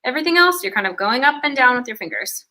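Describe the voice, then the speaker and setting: A woman's voice: sits high, animated, fast, loud music behind the voice. A young woman giving an online fiddle lesson, explaining ornaments step by step and counting beats aloud. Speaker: fiddle teacher. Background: fiddle playing.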